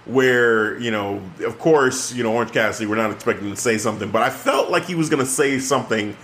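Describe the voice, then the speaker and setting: A man's voice: mid-range voice, fast talker, fairly bright tone, a little hiss or hum. Enthusiastic man chatting casually. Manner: enthusiastic, rambling with restarts. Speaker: podcast co-host. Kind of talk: casual wrestling chat.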